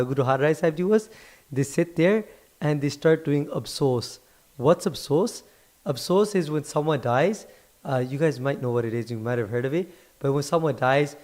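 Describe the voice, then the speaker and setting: A man casually retelling a religious story to listeners, animated, repeating words for emphasis and checking in with "right?". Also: fairly high pitch. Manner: animated, leans on repetition for emphasis.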